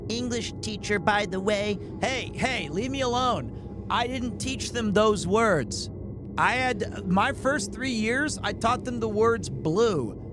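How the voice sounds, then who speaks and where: A man's voice: high-pitched, animated, slow, music in the background. A man streaming a game, chatting casually and joking with his viewers, often breaking into laughter. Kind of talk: casual live-stream gameplay commentary. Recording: noticeable background noise.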